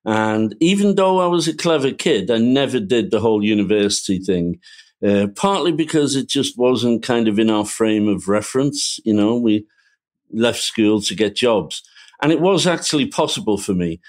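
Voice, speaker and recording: A man's voice: on the low side, animated, moderate pace. A man with a Liverpool accent, a guest author, recalling his working-class life in a reflective, storytelling way. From Liverpool, England. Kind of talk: casual interview.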